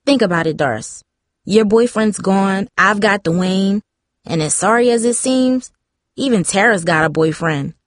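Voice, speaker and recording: A woman reading the part of a bold, touchy teenage girl in a storybook, pushy and quick to take offense. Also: mid-range voice, no room sound, clean studio sound, natural voice. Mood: defensive. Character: teen girl, bold and defensive.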